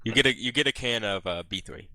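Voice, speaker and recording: Bright-voiced hesitant man running a game. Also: on the low side, quick pace, no room sound. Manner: hesitant, full of uhs, chuckling. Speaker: game master. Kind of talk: narrating a tabletop game.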